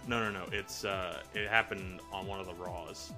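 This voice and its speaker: Over music, a man with a deep voice co-hosts a laid-back podcast, meandering through wrestling recaps, filling gaps with fillers, and performing quotes. He talks at a normal speed with fairly even intonation.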